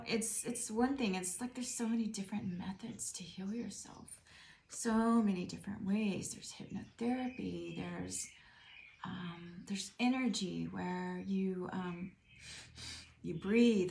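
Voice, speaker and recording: A woman's voice: fairly low pitch, creaky, darkish tone. A middle-aged woman giving a casual tarot reading, musing and rambling as she speaks to the viewer. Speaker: tarot reader. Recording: roomy echo.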